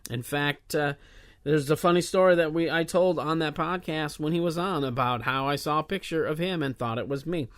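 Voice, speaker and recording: A man's voice: on the high side, moderate pace, fairly bright tone. Casual rambling podcast host, man. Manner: casual, rambling, many filler uhs. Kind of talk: solo podcast intro announcements.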